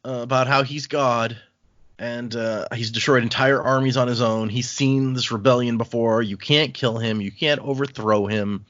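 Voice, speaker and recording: Relaxed man recapping a book. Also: mid-range voice, moderate pace, dry recording. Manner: relaxed, recaps the plot and reads quotes aloud. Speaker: podcast host. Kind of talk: casual book-club chat. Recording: dull, dry home podcast mic.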